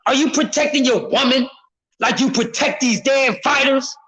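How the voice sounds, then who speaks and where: Man streamer, very high bright voice, heated profane boxing rant, shouts a lot. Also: moderate pace, slightly rough, rough recording. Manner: loud, profane, repetitive, often shouting; speaks to a chat member by name.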